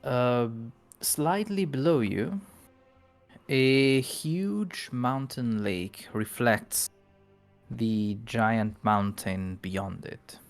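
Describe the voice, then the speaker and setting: A man narrating as game master of a tabletop game, unhurried and pausing to look things up. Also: medium pitch, soft background music.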